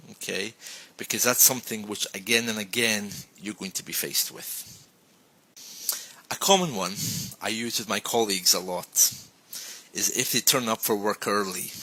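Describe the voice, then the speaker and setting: A man's voice: breathy edge, poor audio. A man giving a casual lesson, chatting and acting out sample phrases. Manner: chatty, acts out sample phrases with lively pitch jumps. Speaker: English teacher.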